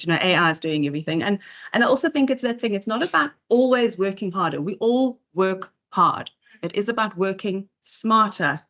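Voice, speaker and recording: A woman's voice: medium pitch, dull audio. Chatty woman giving an event talk. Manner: chatty, lively, lots of fillers and asides. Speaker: event speaker. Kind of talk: conference talk. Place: in-person event venue.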